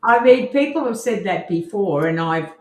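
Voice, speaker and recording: A woman with an Australian accent co-hosting a podcast in casual chat, chatty and quick to laugh, often restarting with repeated words. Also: mid-range voice, lively intonation, echoey room. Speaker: podcast co-host.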